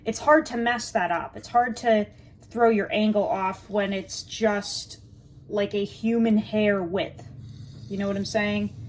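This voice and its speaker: A woman in a relaxed, talkative mood, chatting with her viewers as she works. She jokes easily and keeps things informal, speaking at a middle pitch. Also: measured pace, a little hiss or hum. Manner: chatty and joking, addresses viewers as guys. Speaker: knife reviewer. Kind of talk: casual chat with viewers.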